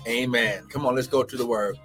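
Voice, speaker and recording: A man's voice: mid-range voice, normal speed, over loud music. A man preaching and praying on a live stream, fervent, with many exclamations and calls to agree. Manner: fervent, call-and-response exclamations. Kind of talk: live-streamed sermon and prayer.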